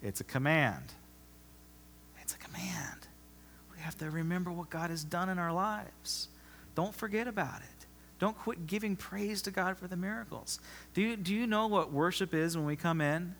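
A man preaching a sermon as pastor, emphatic, often repeating himself and swinging from loud to soft. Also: high-pitched, normal speed, slight background noise. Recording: long reverb of a large hall.

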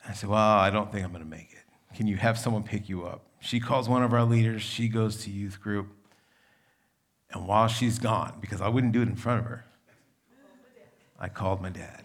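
A young adult male pastor preaching a sermon in a conversational, storytelling manner, with a gravelly voice. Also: on the low side, steady tone, normal speed.

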